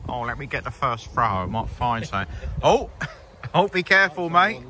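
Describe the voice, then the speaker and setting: A man's voice: mid-range voice, lively intonation, normal speed, sharp tone. A man filming a casual outing by a river, narrating with teasing jokes and frequent laughs. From England. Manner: jokey, teasing, laughs often. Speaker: vlogger filming a magnet fishing outing. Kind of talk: casual filmed running commentary. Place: outdoors by a river. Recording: noisy outdoor recording.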